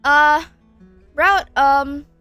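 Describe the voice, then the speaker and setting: A woman's voice: high-pitched, fairly even intonation, drawn-out words, pushed and bright, no room sound, faint music behind. A young woman streamer chatting casually into a close desk mic while snacking, giggly and rambling, repeating herself when flustered. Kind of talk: casual livestream chat while eating.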